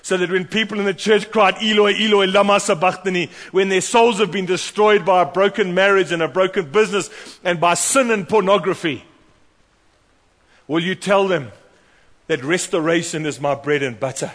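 A man preaching a sermon, animated and storytelling, acting out the voices of the people in his stories. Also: sits high, normal speed. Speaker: pastor. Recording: long hall reverb.

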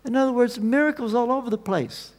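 A man preaching a sermon, telling the story with animated swings between loud emphasis and quiet asides. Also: extremely high pitch, a little fast. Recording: long reverb of a large hall.

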